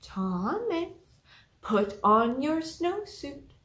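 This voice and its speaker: A woman plays an exasperated storybook schoolteacher who spells out her orders slowly and insistently. The voice is high and bouncy. It carries an echo, as if recorded in a large room. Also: very animated, a bit bright, heavily acted. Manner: insistent, slow commands. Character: bossy schoolteacher losing her temper. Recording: echoey library room.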